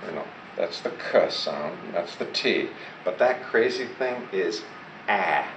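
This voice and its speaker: Guy teaching a class, talks slow, asks students to repeat stuff, echoey room, mic far off. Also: deep voice, animated. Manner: prompts students to repeat and answer. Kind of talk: classroom lesson. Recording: echoey classroom recorded from far off with loud background noise.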